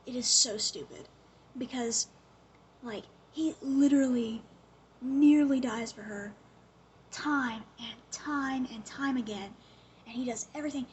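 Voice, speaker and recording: This show recapper is a young woman whose pitch runs slightly above the average female voice. Chatty and lively, she retells a TV plot like gossip, peppering it with "like" and snappy quoted lines. There's a bit of background noise.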